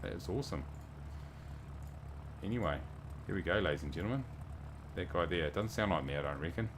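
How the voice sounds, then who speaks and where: Low-voiced New man chatting on stream. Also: expressive, brisk, noisy background. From New Zealand. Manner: chatty, reads viewer messages aloud and thanks them. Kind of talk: casual livestream chat.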